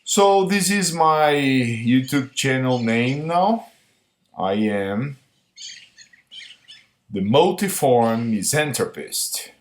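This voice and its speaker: A man hosting his own channel, talking alone to camera in a deliberate way, with each phrase built on the one before. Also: mid-range voice, animated. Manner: slow, deliberate, repetitive phrasing. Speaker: YouTube channel host. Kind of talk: solo vlog monologue.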